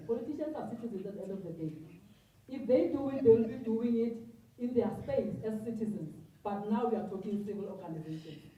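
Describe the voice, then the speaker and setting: A South African woman speaks as a civic spokesperson at a press briefing, her delivery impassioned and emphatic with repeated phrases. She sounds set back from the microphone in an echoing room. The audio comes through somewhat dull and muffled. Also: medium pitch. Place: hot indoor briefing room. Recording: roomy, distant, dull sound.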